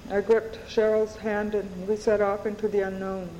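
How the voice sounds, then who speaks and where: A woman author reading aloud from her novel to an audience, in an unhurried, measured way, recorded at an event. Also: medium pitch, level tone, warm tone, a little hiss or hum. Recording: dull audio in a reverberant hall.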